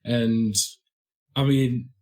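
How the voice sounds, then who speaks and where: A man's voice: medium pitch, little pitch movement, drawn-out words, mellow. A man in a casual podcast chat, explaining things in a modest, self-deprecating way. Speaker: actual-play podcast cast member.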